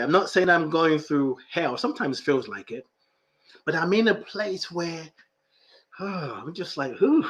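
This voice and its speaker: A man's voice: a little high, fairly bright tone. A middle-aged man hosting a spiritual talk show, preaching with emphatic repetition and plenty of emotion. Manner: preacher-like, emphatic, repeats phrases for effect; laughs often, emotional and full of feeling. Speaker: podcast host and life coach. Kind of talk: live-streamed spiritual talk reading viewer comments.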